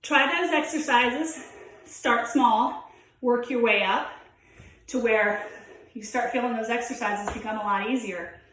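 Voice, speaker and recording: A woman's voice: fairly high pitch, measured pace, fairly bright tone. A young woman teaching a home workout, demonstrating the moves as she talks and sounding out of breath. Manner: encouraging, demonstrating while talking. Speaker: fitness instructor. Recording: very echoey room, mic from far off.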